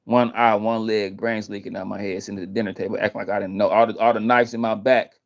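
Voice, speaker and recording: A man's voice: fairly low pitch, level tone, fast talker. A man vlogging in a heated, casual rant, emphatic and profane, repeating himself.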